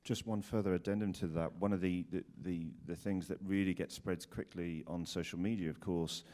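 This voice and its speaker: A man's voice: low-pitched, fairly even intonation, fairly quick, warm tone. A man moderating a panel discussion, with stumbling restarts.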